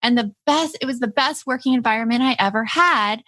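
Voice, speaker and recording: Bright, higher-voiced woman podcast host. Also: brisk, dry recording. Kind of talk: casual chat.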